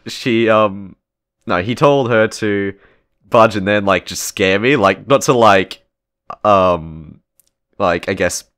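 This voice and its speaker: A man's voice: fairly low pitch, takes it slowly, fairly bright tone, smooth, dry recording, clean studio sound. A teenage boy hosting his channel, telling a story in a rambling, casual way, often tagging lines with "right?" and "okay?" and swearing freely. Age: teens. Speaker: channel host.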